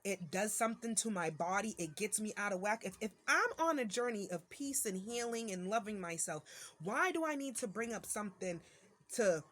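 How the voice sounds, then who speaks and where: A woman's voice: mid-range voice, animated, moderate pace, fairly bright tone. A mother venting to her viewers in a casual monologue, irritated and ranting, with many fillers and restarts.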